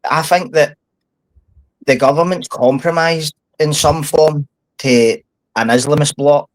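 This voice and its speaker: A man's voice: medium pitch, no room sound, low-quality recording. Scottish guy ranting on a podcast, sweary and blunt, dry close sound. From Scotland. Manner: blunt, sweary, heated storytelling. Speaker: podcast guest, former prisoner. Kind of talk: casual podcast chat.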